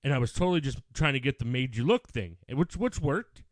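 A man's voice: mid-range voice, a little fast, no echo. A middle-aged man, a podcast co-host, telling stories in casual chat with lots of swearing. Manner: profane, animated storyteller.

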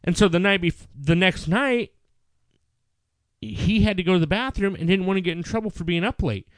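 A man's voice: high-pitched, moderate pace, no room sound. A middle-aged man, a podcast co-host, telling stories in casual chat with lots of swearing. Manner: profane, animated storyteller.

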